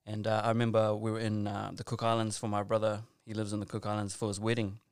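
A man's voice: fairly low pitch, monotone, fast, clean tone, dry recording. A man telling a personal story in casual conversation, rambling and earnest with lots of asides and restarts.

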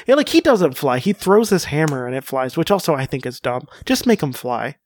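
A man's voice: on the high side, expressive, a little fast, hardly any pauses, dry recording. A man chatting casually as a podcast co-host, rambling with many fillers and restarts and joking around. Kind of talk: casual chat.

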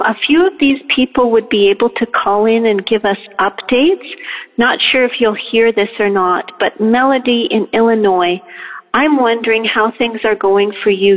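A woman from Canada leaving a phoned-in message, gently and caringly asking after others. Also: mid-range voice. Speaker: caller. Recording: tinny phone line with long reverb.

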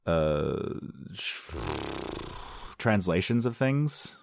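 Deep-voiced sarcastic man reading news. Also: sing-song, drawn-out words, vocal fry, slight background noise. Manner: sarcastic, rambling asides. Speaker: video host. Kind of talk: reading and reacting to weird news.

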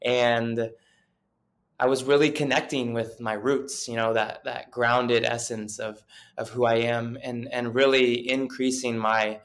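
A man's voice: mid-range voice, level tone, measured pace, a bit bright. A young adult man telling his story as an interview guest, in an earnest, rambling way full of fillers and restarts. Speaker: guest chiropractor and coach.

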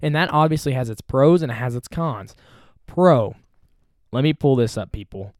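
A man's voice: medium pitch, expressive, moderate pace, a little mellow, no echo, studio quality. A man hosting a podcast, talking on his own in a chatty, playful way and joking about himself. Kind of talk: casual solo talk.

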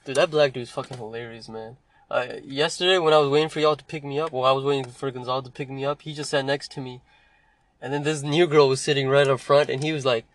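A man's voice: fairly high pitch, fast, a bit bright. A young man co-hosting a podcast, telling stories in a loose, profane, laughing way. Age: young adult. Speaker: podcast co-host. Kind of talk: casual chat.

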